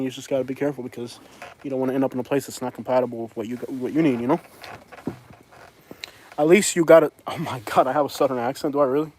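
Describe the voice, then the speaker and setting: A man's voice: mid-range voice, darkish tone, poor audio. A middle-aged man with a Boston accent, chatting bluntly and ramblingly to his livestream viewers. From from Boston area. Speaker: livestream host. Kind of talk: casual livestream chat.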